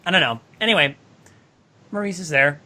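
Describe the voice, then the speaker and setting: Woman co-host, casual movie chat, bright tone, playful, laughs easily. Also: low-pitched, brisk. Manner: chatty, laughs often, acts out characters' lines. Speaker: podcast co-host.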